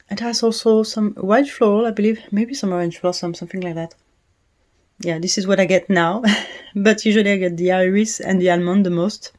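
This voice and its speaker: A woman speaking English with a French accent, her voice in a middle register. She talks in a casual, chatty way, pausing with little hesitations and soft laughs as she reviews products. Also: medium pitch. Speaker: fragrance reviewer.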